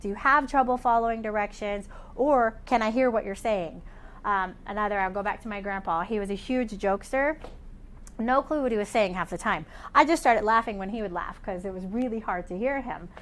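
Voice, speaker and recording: A woman's voice: medium pitch, fairly bright tone, a little hiss or hum. A woman physical therapist explaining patient care in a conversational way, with many fillers.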